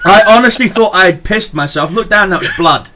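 A young man, telling a rude anecdote with a bright, lively voice that swoops up and down. He laughs through the tale and keeps it loose and crude. A faint hiss sits under the recording. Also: high voice, fairly quick. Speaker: podcast host. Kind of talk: casual storytelling.

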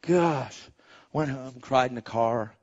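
A man's voice: mid-range voice, slow, darkish tone. A man preaching a testimony sermon, telling his story emphatically and punching it with sound effects. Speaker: evangelist. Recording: dull, muffled recording.

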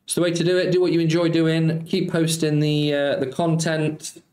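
A man's voice: on the high side, little pitch movement, normal speed, darkish tone. A man hosting a casual live stream, chatting with viewers and answering their comments. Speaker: slots streamer. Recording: roomy sound with faint music.

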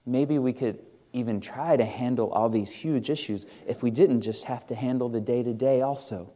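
A man's voice: mid-range voice, moderate pace, dark tone. A male pastor preaching a sermon in a church, earnest and conversational, asking the congregation questions. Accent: Midwestern American. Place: church sanctuary.

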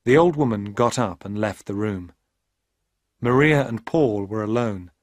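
Slow, clear male storyteller. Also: fairly low pitch, dry recording. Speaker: narrator. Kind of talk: scripted narration of a graded reader.

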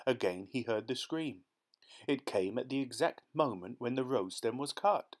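A man narrating a short story as an audiobook reader, in a steady, measured way. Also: mid-range voice. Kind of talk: scripted narration.

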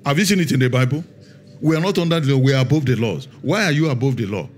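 A man's voice: mid-range voice, animated, slight background noise. A middle-aged man, a pastor preaching a sermon and telling stories, stressing words and drawing them out. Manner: storytelling, emphatic with drawn-out words.

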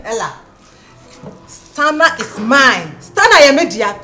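A high, animated young woman's voice with a Ghanaian accent. She talks in a possessive, threatening way. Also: takes it slowly, exaggerated voice. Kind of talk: film drama dialogue.

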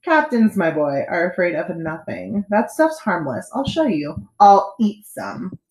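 A woman's voice: on the low side, big pitch swings, moderate pace, echoey room, pitched below the performer's own voice. A woman voicing a vain, boastful male captain of the guards who laughs off danger in a storybook reading. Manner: laughing, dismissive, swaggering.

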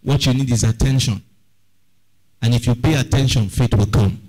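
A man's voice: mid-range voice, normal speed, mellow, rough recording. A man preaching a sermon as pastor, often asking the congregation questions.

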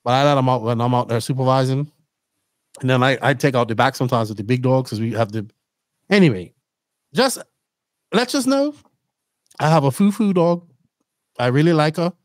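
A middle-aged man hosting a podcast, telling rambling, animated stories in casual chat. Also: mid-range voice, a little fast, pauses often, dry recording, studio quality. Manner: rambling, animated storytelling with laughs. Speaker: podcast host.

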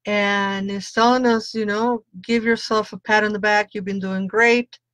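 Chatty tarot lady on a live stream, slow easy pace, dry close sound. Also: mid-range voice, level tone, fairly bright tone, no room sound. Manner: chatty, greets viewers by name. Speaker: tarot reader.

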